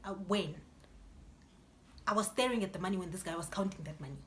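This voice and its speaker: A young woman telling a storytime vlog in an animated, chatty way, full of "like" and "yo". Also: lowish voice, racing, a little hiss or hum. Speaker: vlogger.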